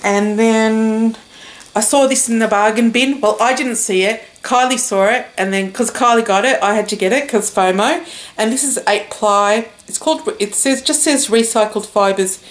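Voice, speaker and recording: A woman's voice: on the high side, normal speed. Chatty Australian woman rambling about yarn. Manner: chatty and rambling, with many fillers and restarts. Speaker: knitting vlogger. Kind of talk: casual chat.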